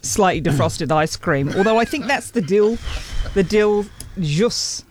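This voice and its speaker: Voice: medium pitch, expressive, a little slow, a little hiss or hum. A radio host, chatting in a bossy, mock-exasperated way in a studio. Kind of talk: casual on-air banter.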